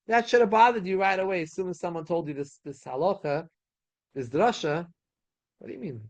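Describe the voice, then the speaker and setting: High-voiced man giving a Torah class. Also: a little fast. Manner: animated, repeats phrases, asks rhetorical questions. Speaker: rabbi teaching a Talmud class. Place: synagogue study hall.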